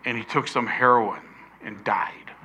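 Slow, emphatic older male preacher. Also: mid-range voice, steady tone, pushed and bright, slight background noise. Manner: emphatic, slows down to stress key words. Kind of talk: sermon.

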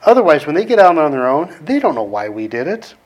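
Conversational male pastor, fairly high voice. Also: sing-song, quick pace. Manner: conversational, with restarts and loud outbursts acting out frustration. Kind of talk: sermon.

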